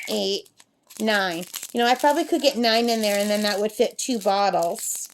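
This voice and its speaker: A woman's voice: medium pitch, a little hiss or hum. A woman talking casually in a crafting vlog, rambling along and reading numbers aloud as she works. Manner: chatty and rambling, reads numbers aloud while working. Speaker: crafting vlogger. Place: at her summer camp with a talking parrot.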